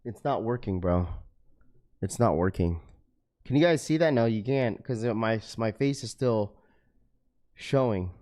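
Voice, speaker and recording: A man's voice: lowish voice, a little slow, long pauses, mellow. A man hosting a casual livestream, greeting viewers by name. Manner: laid-back, many fillers, greets viewers by name. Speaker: livestream host.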